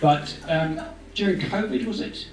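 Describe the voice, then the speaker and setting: A man's voice: fairly high pitch, measured pace. New man thanking a roomful of people. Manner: warm, rambling, jokey asides. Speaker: event organiser giving thanks. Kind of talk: informal thank-you speech. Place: indoor community room. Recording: roomy hall, voice from far off.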